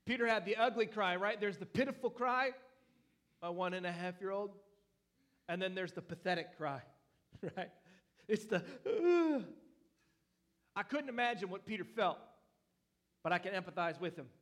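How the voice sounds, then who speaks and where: Animated preaching man, slightly high voice. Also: normal speed, pauses often. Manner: animated, playful preaching with lively swings in loudness. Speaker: pastor. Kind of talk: sermon. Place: church.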